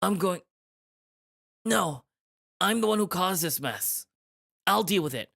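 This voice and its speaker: A man's voice: high-pitched, expressive, slow pace, gravelly, bright, forceful tone, pitched above the performer's own voice, heavily acted. A man playing a jittery, eager young hero. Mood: determined. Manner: eager, slightly flustered delivery. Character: nervous young adult man, the protagonist.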